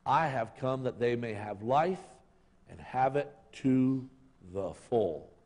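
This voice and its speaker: A male pastor preaches in a loose, conversational way, teasing his congregation and calling for amens. His pitch swings widely from low asides to high exclamations. His voice rings through a big, long-echoing sanctuary. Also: lively intonation, slow pace, a little mellow. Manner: casual and joking, calls out to the congregation, asks for amens. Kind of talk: lively sermon. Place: church service in a sanctuary. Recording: long hall reverb.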